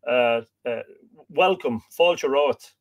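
Taking his time in a mid-range voice, an Irish livestream host reads out comments from his viewers, welcoming them by name and joking as he goes.

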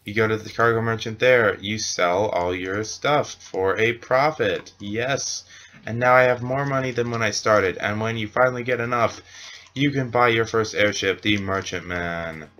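A man's voice: fairly low pitch, moderate pace, fairly bright tone. A man who runs a game server, narrating a casual gameplay tutorial with jokey asides and frequent self-corrections.

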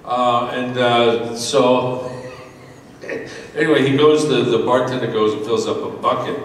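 A man's voice: mid-range voice, measured pace, noisy background. Rambling American man, echoey hall. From United States. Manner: rambling, animated anecdote with laughs and restarts. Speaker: convention guest actor. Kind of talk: storytelling Q&A on a panel. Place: large convention hall. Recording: echoey hall audio from far off.

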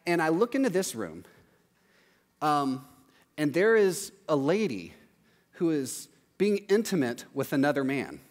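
A man preaching from a church stage, his raised voice ringing through a big hall with a long reverb. He tells a story with animated energy and slips into the voices of the people in it. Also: on the high side, normal speed. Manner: animated, acts out voices in quotes. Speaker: pastor. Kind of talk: sermon storytelling.

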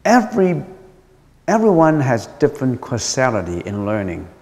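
A Buddhist monk gives a dharma lecture to his listeners, his pitch swinging widely as he poses questions and repeats key phrases for emphasis. He is a man with a mid-range voice. His words ring out with a long reverb, as in a large temple hall. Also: wildly swooping pitch, moderate pace, a little mellow.

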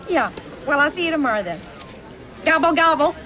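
A woman's voice: high-pitched, very animated, a little slow, background noise. An actress playing a bubbly woman car rental clerk who chatters in a sing-song way in a film scene. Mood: chirpy. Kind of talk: film comedy acting. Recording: film clip with busy crowd behind.

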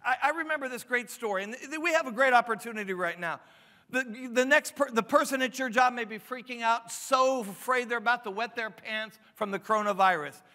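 A pastor in his fifties preaches in an emphatic, stop-and-start way and keeps throwing questions at the room. His voice sits high for a man and rings bright. Long hall reverb trails every phrase. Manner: emphatic preaching with frequent restarts and rising questions. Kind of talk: sermon.

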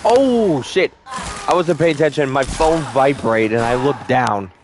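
A man's voice: mid-range voice, lively intonation, unhurried, a little hiss or hum. Swearing, joking male game streamer. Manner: swears a lot, jokes, sudden loud whoops. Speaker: gameplay streamer. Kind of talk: casual let's-play commentary.

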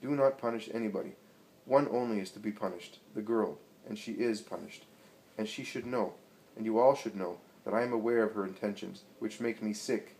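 Jesus speaks in a low, solemn, forceful voice, a commanding teacher in a storybook reading. He declaims every line with grave authority, a man reading him out. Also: fairly quick, natural voice, rough recording. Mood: stern.

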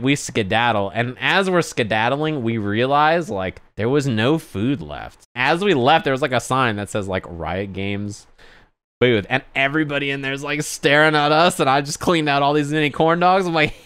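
A man telling a lively anecdote on his stream in casual chat, sometimes acting out other people yelling. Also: moderate pace, clean tone, no room sound. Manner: animated anecdote, acts out others yelling in high pitch.

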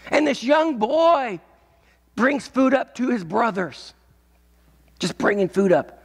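High gravelly preacher in an echoey church. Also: male voice, big pitch swings, slow pace, long pauses. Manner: storytelling, swelling into shouts. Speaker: pastor. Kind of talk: sermon.

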